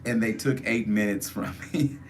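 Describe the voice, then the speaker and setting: Deep-voiced man coaxing livestream viewers. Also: moderate pace, soft background music. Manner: coaxing, repetitive, urging viewers to join chat. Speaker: livestream host. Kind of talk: casual livestream chat.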